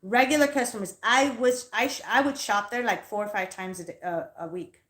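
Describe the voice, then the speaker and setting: A woman's voice: a little high, fairly quick, fairly bright tone. A woman hosting a casual livestream as a psychic reader, telling stories in a heated, profane way and sounding tired. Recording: echoey room.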